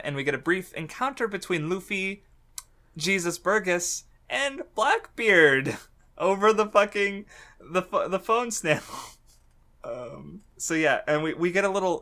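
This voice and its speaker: He's a podcast co-host whose voice sits on the high side with a sharp tone. His casual talk rambles, stuffed with fillers and restarts, and he swears freely and laughs a lot.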